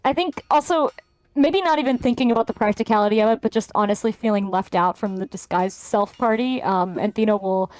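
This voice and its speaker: A woman's voice: medium pitch, brisk, darkish tone, no echo. A woman playing a tabletop game, rambling and hesitant as she explains her plans. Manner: rambling, hesitant, lots of fillers. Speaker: player. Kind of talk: casual chat at a game table.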